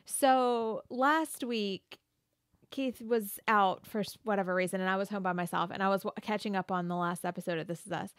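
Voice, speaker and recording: A woman's voice: medium pitch, steady tone, normal speed, no echo, clean studio sound. A woman co-hosting a casual talk show, telling stories in a chatty way with many fillers. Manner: chatty storyteller, hesitant fillers. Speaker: podcast co-host. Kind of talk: casual chat.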